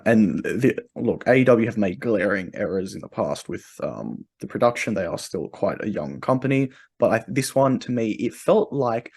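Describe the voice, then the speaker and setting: A man's voice: on the low side, a little mellow, slightly rough. A man co-hosting a wrestling podcast, giving his opinion in casual chat and stumbling over repeated words. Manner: hesitant, repeats words while forming a point. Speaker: podcast co-host.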